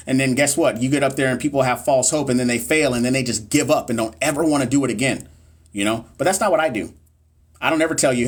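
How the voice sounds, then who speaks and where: A man's voice: medium pitch, fast talker, husky. A young man tutoring nursing exam questions on a phone livestream, speaking casually and bluntly with slang, reading questions aloud and encouraging viewers. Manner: reads quiz questions aloud, then chats with viewers. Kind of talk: live-streamed Q&A teaching.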